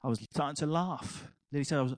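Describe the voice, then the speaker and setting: A man's voice: fairly high pitch, fast, no echo, poor audio. Older man preaching, dry close sound. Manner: animated storytelling, laughing at his own anecdote. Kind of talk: sermon.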